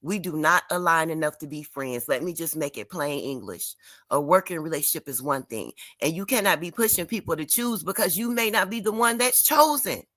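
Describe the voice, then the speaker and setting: A woman's voice: low-pitched, animated, brisk, a bit bright, no echo, studio quality. A woman from Detroit with a Detroit accent on her livestream, talking bluntly and emphatically with lots of profanity, upset and crying. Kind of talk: emotional livestream rant.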